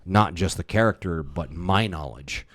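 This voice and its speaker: Man, low voice, dry close sound, rambling animated storyteller, casual podcast chat. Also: unhurried, dry recording. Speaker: podcast co-host.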